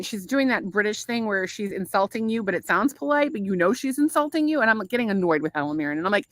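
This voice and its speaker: A woman's voice: mid-range voice, animated, quick pace, fairly bright tone, no room sound. A woman co-hosting a casual podcast with her husband, telling a long, rambling story full of profanity. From United States. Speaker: podcast co-host. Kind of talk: casual married-couple chat. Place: home in Florida.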